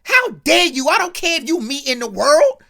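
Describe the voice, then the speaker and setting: A woman's voice: high-pitched, very animated, takes it slowly, vocal fry, full character voice. A woman doing an angry sitcom dad. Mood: indignant. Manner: loud, indignant scolding. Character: angry sitcom dad scolding his teenage son.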